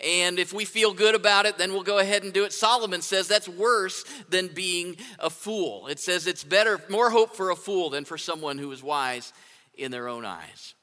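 A man's voice: sits high, normal speed, bright, forceful tone. A man preaching a sermon in a conversational way, often asking "right?" to his listeners. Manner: conversational, asks rhetorical "right?". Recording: long hall reverb.

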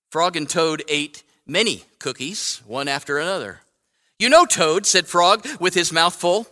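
High bright pastor in a reverberant church. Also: male voice, moderate pace. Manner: conversational, self-correcting, asks "right?" often. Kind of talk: sermon with a read-aloud children's story. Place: church sanctuary. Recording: long hall reverb.

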